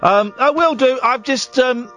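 A man's voice: extremely high pitch, measured pace, a bit bright, dull audio, faint music behind. A man hosting a radio show, chatting in a sarcastic, self-mocking, jokey way from the studio. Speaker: radio host. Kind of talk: late-night radio chat.

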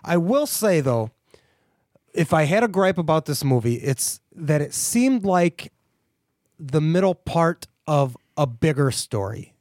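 A man's voice: a little high, big pitch swings, measured pace, a little mellow, dry recording, clean studio sound. Enthusiastic man co-hosting a podcast. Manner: enthusiastic, restarts often. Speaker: podcast co-host. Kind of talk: casual movie chat.

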